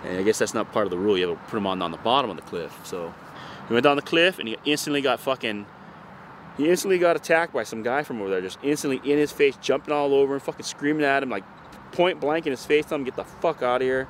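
Fast-talking, swearing man. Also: mid-range voice, a little hiss or hum. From North Shore of Oahu, Hawaii. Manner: profane, rambling, animated retelling. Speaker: interviewee, surfer. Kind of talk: casual storytelling interview.

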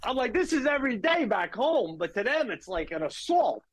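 A man's voice: very high-pitched, normal speed, noisy background. A man, a guest comedian telling stories animatedly in casual chat. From Long Island, New York. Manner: animated storyteller.

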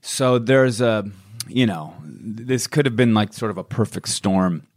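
A man's voice: lowish voice, measured pace, no room sound, studio quality. A man co-hosting a podcast, talking candidly and rambling in a self-deprecating way. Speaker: podcast co-host. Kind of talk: casual chat.

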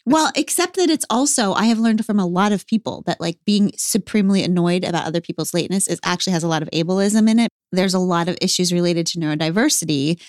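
Give me a low-voiced woman chatting on a podcast. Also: a little mellow, dry recording, clean studio sound. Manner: frank, laughs easily, quick to agree. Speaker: podcast co-host. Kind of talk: casual podcast chat.

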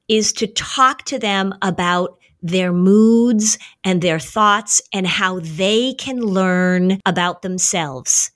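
Animated woman explaining parenting. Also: mid-range voice. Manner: animated storyteller, acts out voices in anecdotes. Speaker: anxiety expert guest. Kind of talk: casual podcast conversation.

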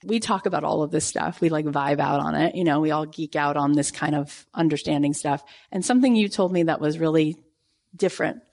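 A woman in her forties hosting a casual motivational talk, animated and acting out her own reactions in quoted asides. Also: sits low, fairly quick, creaky. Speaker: podcast host.

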